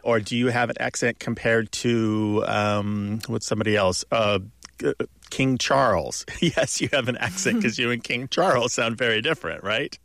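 A man's voice: mid-range voice, normal speed, vocal fry, a bit bright, no echo. A man co-hosting a language call-in radio show, explaining at length in an expansive, thoughtful way, with asides and chuckles.

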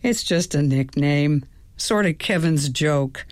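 Low and unhurried, a woman voicing a relaxed young male cop in a storybook reading, reassuring tone, dry close sound with no room around it. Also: no room sound. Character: easygoing young male police officer.

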